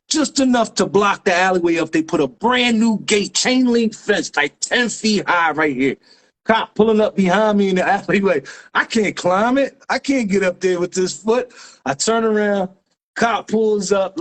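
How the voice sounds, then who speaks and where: A man, a graffiti writer guest telling a story in lively street slang with sound effects. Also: sits high. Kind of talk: animated storytelling.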